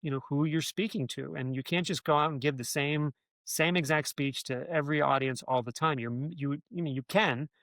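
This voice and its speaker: A man's voice: fairly high pitch, fairly quick, fairly bright tone, dry recording. A man, a former speechwriter, telling stories in an interview, rambling with many restarts and filler words. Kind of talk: conversational interview storytelling.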